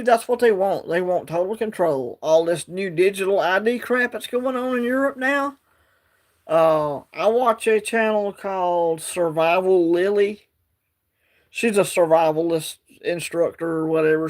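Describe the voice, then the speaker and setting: A man's voice: on the high side, vocal fry. A man hosting a casual livestream from his phone, rambling and reading out the chat. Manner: rambling, drawling, reads chat aloud. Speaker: livestream host.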